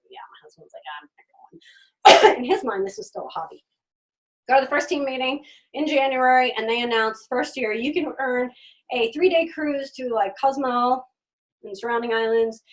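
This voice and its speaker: A middle-aged woman with a high voice tells her personal story with lively energy. She acts out the voices of the people she met and laughs often along the way. She sounds a little distant from the microphone. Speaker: direct sales consultant telling her story.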